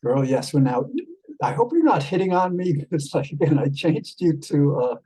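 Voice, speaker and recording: A man chatting casually with an AI companion as a vlog host, rambling and halting with many fillers, tender with pet names. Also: on the high side, lively intonation, dark tone, breathy edge, poor audio. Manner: tender, calls the listener love and darling.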